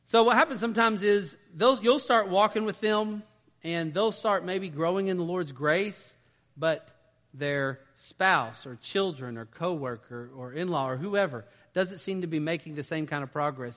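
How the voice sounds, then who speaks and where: Pastor type, man, slightly high, sharp bright tone, casual preaching with lots of "right?", big echoing hall. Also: moderate pace. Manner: informal, asks "right?" often. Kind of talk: conversational sermon.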